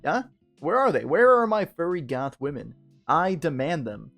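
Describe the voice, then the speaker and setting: Drunk gamer guy, gravelly, swears a lot, loose rambling chat, soft guitar music under him. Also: a little high, sing-song, moderate pace. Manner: rambling, profane, tipsy and joking. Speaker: game streamer. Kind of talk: casual let's-play commentary, reading game text aloud.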